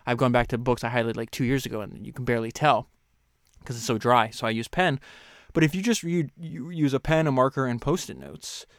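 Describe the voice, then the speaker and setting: A man talks through a book in a relaxed, conversational way, stumbling and restarting as he goes. When he reads quoted passages he slows down and leans into them. His voice sits at an ordinary middle pitch and sounds close and dry, with no room around it. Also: no room sound. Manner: reads quotes slower and louder, chats loosely with fillers and restarts. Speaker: podcast host. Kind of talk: casual book commentary with read-aloud passages.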